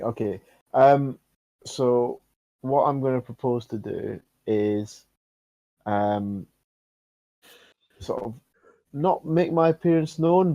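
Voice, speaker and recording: Man, tabletop player, mid-pitched, deliberate, dry close sound. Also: dry recording, highs cut off. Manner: deliberate, planning out loud. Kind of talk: casual tabletop play. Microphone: online voice call.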